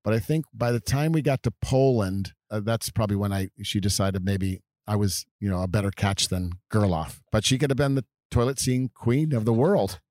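A man's voice: lowish voice, moderate pace, hardly any pauses, darkish tone, no echo, studio quality. A middle-aged American man from California, a father telling his grown child stories of his youth in a casual, rambling way full of fillers. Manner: rambling, reminiscing, with many fillers. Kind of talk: casual storytelling.

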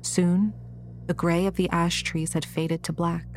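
Woman, audiobook narrator, horror story, low voice, flat even delivery, faint music. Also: a little slow.

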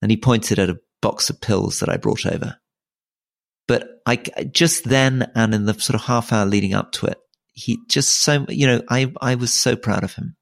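A man's voice: mid-range voice, normal speed, gravelly, no echo. A middle-aged man co-hosting a podcast in casual conversation, often restarting his sentences and repeating words as he thinks aloud. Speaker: podcast co-host.

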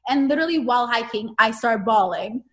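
A woman with a high voice talks candidly as a podcast guest. She gets emotional and often plays out her own thoughts as quoted speech, with "like" scattered all through. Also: expressive, a little fast, a bit bright. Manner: emotional, heavy use of "like"; acts out her own inner voice. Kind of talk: candid conversation.

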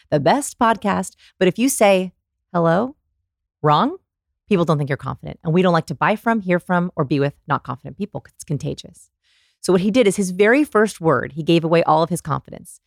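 A woman guest on a podcast, explaining research in an animated, storytelling way and acting out examples. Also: fairly low pitch, dry recording, studio quality. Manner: animated storyteller, demonstrates voices. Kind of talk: conversational explaining.

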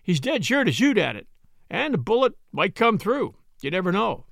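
Guy doing a no-nonsense barkeeper, plain talk, gravelly, dry sound. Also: sits high, very animated, moderate pace, a bit bright, no echo, exaggerated voice. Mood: blunt. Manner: blunt, plain-spoken. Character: matter-of-fact older male saloon barkeeper.

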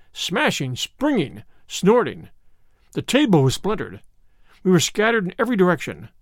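A man narrating a classic ghost story in a vivid, expressive storytelling manner. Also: high voice, no echo, studio quality. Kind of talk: dramatic audiobook narration.

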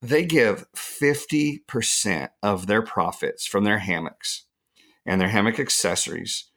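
A man's voice: on the low side, measured pace, fairly bright tone. A middle-aged man co-hosting a podcast, chatting casually and enthusiastically, leaning hard on words for emphasis. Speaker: podcast co-host. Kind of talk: casual gift-guide chat.

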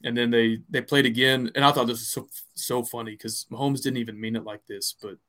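A man at an average pitch talks sports in a loose, rambling way. He co-hosts a podcast and keeps circling back with fillers and restarts. His tone stays casual and conversational. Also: fairly even intonation, fairly quick, fairly bright tone. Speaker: podcast co-host.

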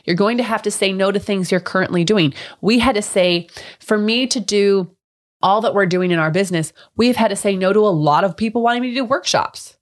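A woman's voice: medium pitch, brisk. A woman in her thirties co-hosting a podcast, talking in a frank, upbeat way and swearing casually. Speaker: podcast co-host.

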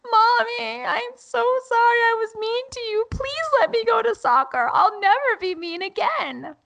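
A woman voicing a remorseful toddler girl who pleads in a very high, tearful voice. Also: animated, unhurried, gravelly, fairly bright tone, full character voice. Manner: very high crying plea.

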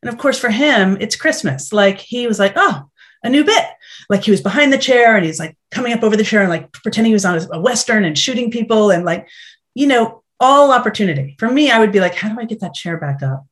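A middle-aged actress chatting as an interview guest, telling lively stories and acting out what people said. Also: female voice, fairly high pitch, fast talker. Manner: animated storytelling, acts out quotes. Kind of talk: casual interview chat.

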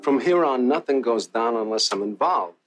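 Man acting tough gangster, commanding, threatening, film drama, animated delivery. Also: medium pitch, moderate pace, soft background music, close to an everyday voice. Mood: menacing. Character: menacing male gangster claiming his turf.

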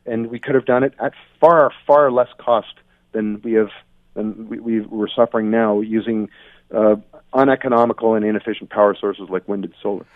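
A man's voice: fairly low pitch, fairly even intonation, normal speed, no echo. A man from Ontario giving blunt, opinionated commentary over the phone, often restarting his sentences. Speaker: guest commentator. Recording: tinny dry phone line.

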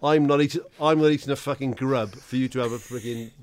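A man's voice: medium pitch, steady tone, fast talker. A man joking around as a podcast co-host, swearing a lot and laughing through crude banter.

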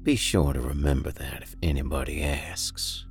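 A man doing a quietly menacing tough cop. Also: steady tone, creaky, faint music behind. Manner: low, slow and threatening.

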